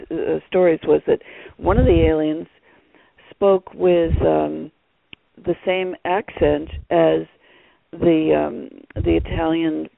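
A man's voice: on the high side, gravelly, dry recording. A man talking as an author guest on a radio interview, rambling with many fillers over a phone line.

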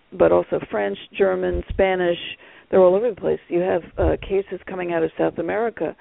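A man's voice: sits high, gravelly, dry recording. A man talking as an author guest on a radio interview, rambling with many fillers over a phone line.

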